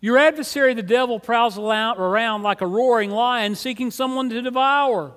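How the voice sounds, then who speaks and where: A man's voice: very high-pitched, normal speed, a bit bright. A man preaching a sermon as pastor, earnest and conversational, often repeating words as he starts a phrase. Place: church sanctuary. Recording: long hall reverb.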